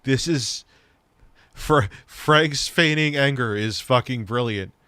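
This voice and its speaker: A man's voice: medium pitch, slow pace, pushed and bright, clear, resonant tone, no room sound. A man hosting a reaction video, making incredulous, profane asides about what he watches. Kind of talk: casual reaction commentary.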